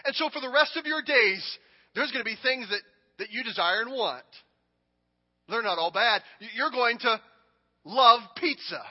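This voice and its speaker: A man preaching a sermon and acting out a king speaking, dramatic and emphatic, moving between hushed lines and shouting. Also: extremely high pitch, lively intonation, normal speed. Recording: long hall reverb, dull audio.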